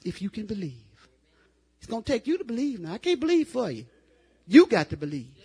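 An older woman preaching a revival sermon in a folksy, testifying way that rises to loud, fervent exclamations. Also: a little high, big pitch swings, a little fast, husky.

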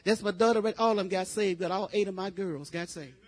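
An older woman preaching a revival sermon in a folksy, testifying way that rises to loud, fervent exclamations. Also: medium pitch, fast.

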